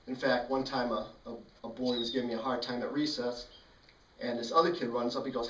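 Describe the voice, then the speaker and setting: A man's voice: mid-range voice, level tone, fairly quick, fairly bright tone. A man telling a childhood story in a casual, dry and wry way. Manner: dry, wry, matter-of-fact. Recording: roomy, mic at a distance.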